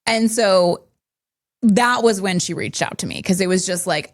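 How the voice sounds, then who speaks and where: A woman co-hosting a podcast, telling a homeowner's story in casual chat, animated and quick to laugh when stressed. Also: medium pitch. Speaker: podcast co-host.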